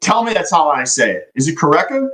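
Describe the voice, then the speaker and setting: A man's voice: fairly high pitch, sing-song, quick pace, fairly bright tone, low-quality recording. A young man day trading live, chatting loosely with his stream viewers and swearing now and then. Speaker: livestream day trader. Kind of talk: casual live-stream chat.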